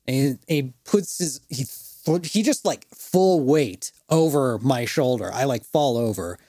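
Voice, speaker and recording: A man co-hosting a podcast and telling a story in an animated, laughing way, full of fillers. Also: medium pitch, unhurried, no room sound, studio quality. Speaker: podcast co-host. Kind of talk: casual storytelling chat.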